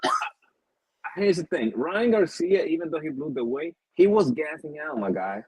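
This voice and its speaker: A man co-hosting a casual boxing talk show, animated and profane, laughing often. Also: on the high side, normal speed, slightly rough, low-quality recording. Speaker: boxing podcast co-host. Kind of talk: casual chat.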